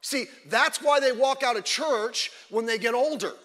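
A man preaching a sermon as a pastor, emphatic and fiery, often breaking off into quick asides. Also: very high voice, lively intonation, pushed and bright, long reverb tail.

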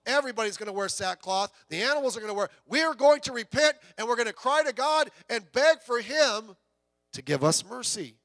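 A man's voice: extremely high pitch, animated, a little fast, fairly bright tone, no room sound, in a large hall, exaggerated voice. A preacher voicing a repentant ancient king. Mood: earnest. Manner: proclaiming decrees.

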